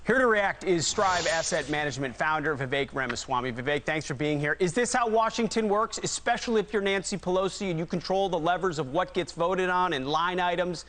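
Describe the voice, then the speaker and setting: Brisk male news anchor. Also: on the high side, a bit bright, slight background noise. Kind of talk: live news interview.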